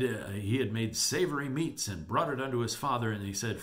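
A man's voice: medium pitch, lively intonation, brisk, hardly any pauses, fairly bright tone. A man giving a Bible lesson, retelling the story with animation and reading scripture aloud. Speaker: Bible teacher. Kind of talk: Bible teaching.

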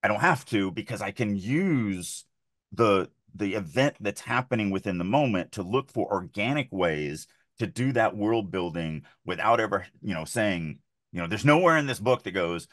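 Low-voiced man explaining his writing. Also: animated, normal speed, a bit bright, no echo, studio quality. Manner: explanatory, thinks aloud with repeated words. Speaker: podcast co-host and author. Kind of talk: casual chat about writing craft.

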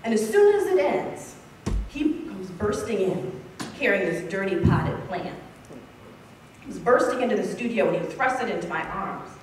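A woman's voice: mid-range voice, sing-song, moderate pace, distant mic, a little hiss or hum. Earnest woman speaking in an echoey hall. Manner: earnest, builds up then drops to soft intimate tones. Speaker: author and civil rights lawyer giving a talk. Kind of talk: conference speech with personal storytelling. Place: large conference hall.

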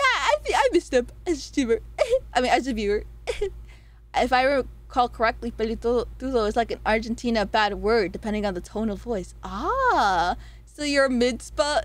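A woman streamer in casual livestream chat, reading out poll results; giggly and excitable, swearing freely and swinging between high squeals and low mutters. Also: dry recording.

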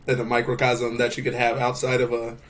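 A man co-hosting a podcast as a stand-up comedian, talking in an animated way, laughing often and swearing for emphasis. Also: mid-range voice, a little fast. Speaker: podcast co-host. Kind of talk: casual chat.

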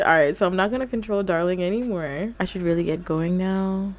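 A young adult woman giving casual let's-play commentary, animated and often laughing as she talks to her viewers. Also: fairly low pitch, brisk, hardly any pauses. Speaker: gaming YouTuber.

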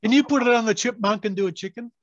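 A woman's voice: a little high, rapid-fire, no room sound, lo-fi sound. A woman on a video call chatting playfully and laughing easily. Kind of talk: casual video-call chat.

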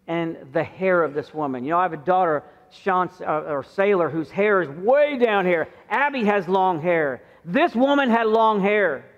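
High-voiced pastor preaching in a reverberant church. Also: male voice. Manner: conversational preaching, acting out quoted voices with rising pitch. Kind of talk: sermon. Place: church sanctuary. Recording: muffled church sound with long reverb.

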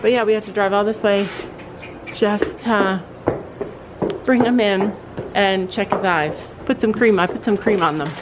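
A woman's voice: medium pitch, a little slow, pauses often, heavy background noise. A woman vlogging outdoors at a horse barn, talking in a rambling way with many restarts and fillers. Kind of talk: casual vlog chat.

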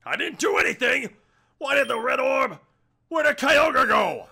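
Man doing a brash villain boss, shouting, theatrical, strained throat, gravelly, high. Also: animated, a little slow, heavy background noise, exaggerated voice. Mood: boastful. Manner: loud, theatrical, often shouting. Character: brash, hot-headed male villain gang leader.

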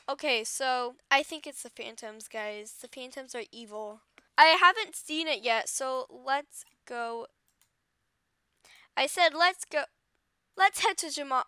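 A woman doing dramatic, excitable commentary over her game, swinging between wailing and squealing. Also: high-pitched, measured pace, clean tone, dry recording. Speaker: game video creator. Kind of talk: gameplay commentary.

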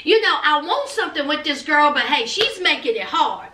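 A woman's voice: high-pitched, big pitch swings, moderate pace, pushed and bright, distant mic, heavily acted. A woman voicing an upset man who doubts his girlfriend, in a musing, resigned manner. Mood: rueful. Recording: roomy, off-mic.

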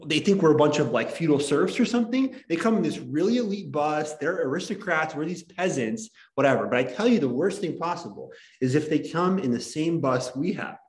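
A man's voice: fairly high pitch, expressive, fairly quick, hardly any pauses, roomy sound, natural voice. A man doing a fake fired-up cheesy coach. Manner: mock-intense pep talk.

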